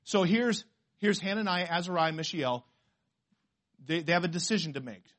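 A male pastor preaching a sermon, emphatic and full of rhetorical questions, swinging from quiet asides to loud declarations. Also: high-pitched, lively intonation, moderate pace.

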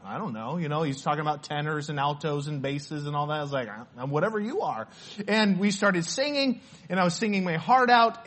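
Casting note: male pastor with a high-set voice, earnest storytelling sermon delivery, stammered restarts. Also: fairly bright tone. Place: church.

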